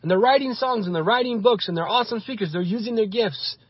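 A man's voice: high-pitched, fast talker, slightly rough, dry recording, dull audio. A male pastor giving an impassioned sermon, building his points through repeated phrases.

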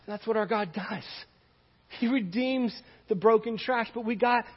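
A man's voice: high voice, unhurried, breathy edge, long reverb tail, lo-fi sound. A man preaching a sermon as a pastor, telling stories earnestly and acting out dialogue.

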